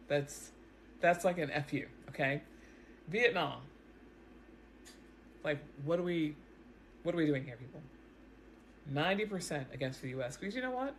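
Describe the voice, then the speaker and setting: A woman in a self-recorded video, commenting on the news in a casual, animated way, often repeating herself as she talks straight to her viewers. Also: sits low, slight background noise. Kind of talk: casual explanatory commentary to camera. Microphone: self-recorded camera setup.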